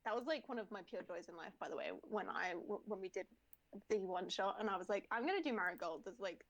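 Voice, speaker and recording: A woman's voice: medium pitch, fairly quick. Rambling woman who swears and laughs. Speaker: tabletop game player. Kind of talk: casual chat.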